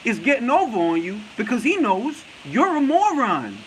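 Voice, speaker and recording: A man's voice: extremely high pitch, sing-song, moderate pace, background noise. A man with a New York accent hosting a boxing talk show, talking bluntly and profanely and often laughing as he answers viewer comments.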